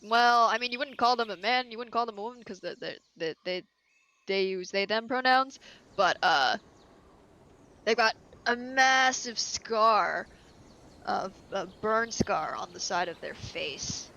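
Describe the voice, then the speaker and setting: A woman's voice: medium pitch, a little slow, gravelly, sharp tone, lo-fi sound. A woman narrating as game master of a tabletop role-play, rambling with many fillers and easy laughs.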